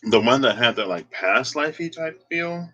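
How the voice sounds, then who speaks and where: A man's voice: medium pitch, lively intonation, normal speed, bright, forceful tone, slight background noise, poor audio. A man doing a casual, rambling tarot reading vlog, chatty and unsure of himself, feeling emotional and close to tears. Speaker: tarot reader.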